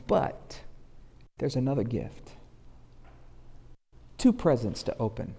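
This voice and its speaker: A man preaching a sermon, moving from loud, pleading passages to hushed, low ones. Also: sing-song, takes it slowly, vocal fry, pauses often, breathy edge. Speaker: pastor. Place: church sanctuary. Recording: long hall reverb.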